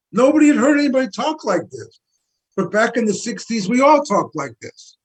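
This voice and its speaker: A man's voice: extremely high pitch, sing-song, moderate pace, breathy edge, rough recording. An older man, a guest activist, speaking with emphatic, preacherly fervor in an interview, repeating figures for effect. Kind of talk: impassioned interview talk.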